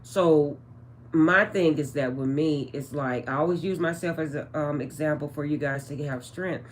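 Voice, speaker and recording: At normal speed and in a low voice, a woman chats to her viewers while channeling spiritual messages for a casual vlog, with slight background noise. She calls them "guys" and often drifts off with an "um."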